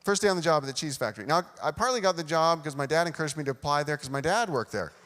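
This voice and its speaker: A man's voice: a little high, racing, fairly bright tone. A man preaching a sermon, telling a self-deprecating personal story and acting out the dialogue. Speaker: pastor. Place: church sanctuary. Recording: long hall reverb.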